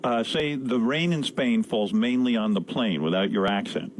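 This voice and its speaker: A man's voice: medium pitch, normal speed, a little hiss or hum. A man interviewing an actor, asking conversational questions. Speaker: radio interviewer. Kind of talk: archive interview clip.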